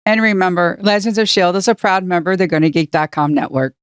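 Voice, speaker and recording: A woman's voice: on the low side, fast talker, smooth, dry recording, studio quality. A woman co-hosting a casual podcast, plainspoken and matter-of-fact. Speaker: podcast co-host.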